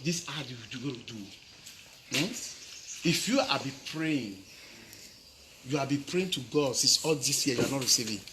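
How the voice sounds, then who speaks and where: This man's mid-range voice moves at a moderate pace, broken by long pauses, with background noise present. A pastor, he preaches in Nigerian Pidgin and keeps questioning children and congregants, tacking on repeated tags like "eh?"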